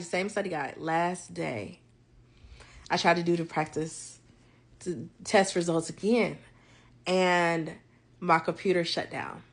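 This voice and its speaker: Brief: young woman, lowish voice, lively storyteller recounting her faith journey to camera. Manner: animated, acts out conversations with God. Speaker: vlogger. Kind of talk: casual faith testimony storytelling.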